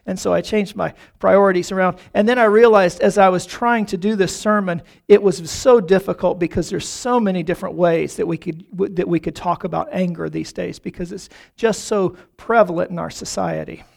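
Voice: mid-range voice, moderate pace, creaky, hardly any pauses, darkish tone. A pastor preaching a sermon in a church, talking earnestly and often doubling the first word of a phrase. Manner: earnest, repeats words while starting phrases.

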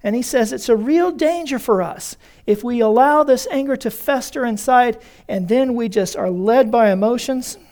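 A man's voice: very high voice, normal speed, darkish tone. A male pastor preaching a conversational sermon in a church, calling his congregation folks.

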